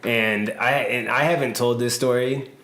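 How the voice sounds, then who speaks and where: In an echoey room, likely a gym or studio, a podcast host and personal trainer laughs and rambles through a long story full of fillers. He speaks at normal speed, medium-pitched, steady, and fairly bright.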